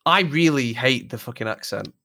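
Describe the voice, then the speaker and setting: A man's voice: mid-range voice, animated, normal speed, bright, forceful tone, no echo. Sweary young man with a Lancashire accent. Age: young adult. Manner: sweary, self-deprecating, rambling. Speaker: podcast co-host. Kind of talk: casual chat.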